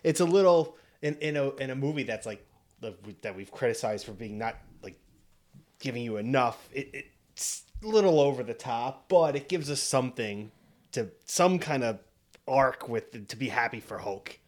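A man's voice: mid-range voice, animated, normal speed. A man co-hosting a casual movie podcast, speaking in loose, easygoing phrases. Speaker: podcast co-host.

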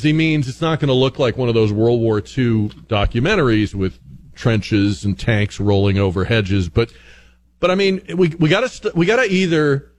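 A man hosting a talk radio show, delivering an opinionated monologue full of rhetorical questions. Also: medium pitch. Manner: argumentative, rhetorical questions, animated.

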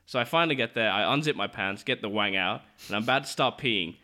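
A young man who talks fast and keeps his stories rolling, playing both sides of a conversation as he goes. His voice is bright and forward, and his style is loose, laughing chat among friends. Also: lowish voice, animated. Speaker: podcast co-host. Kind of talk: casual chat, storytelling.

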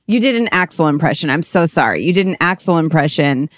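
Woman, co-host, casual chat, talkative, laughs often, lowish voice, dry sound. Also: expressive, no echo. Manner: chatty, laughs often, quick apologies. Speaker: podcast co-host.

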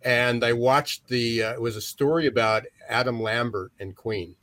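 A man's voice: medium pitch, steady tone, normal speed, fairly bright tone, no echo. A man co-hosting an interview, talking in loose, rambling sentences full of restarts. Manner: rambling, many restarts and fillers. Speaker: podcast co-host. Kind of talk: conversational interview.

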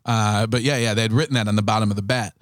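A man's voice: lowish voice, fairly even intonation, very fast, no echo. A man co-hosting a podcast from a comedy club, chatting casually, laughing often and explaining at length. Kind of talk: casual chat.

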